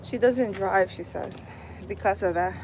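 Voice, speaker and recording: A vlogger reading live chat chats casually on a walk in a city park, rambling with frequent "like" and "I don't know." Her voice is mid-range, unhurried and a little mellow, though the audio is poor with a bit of hiss or hum.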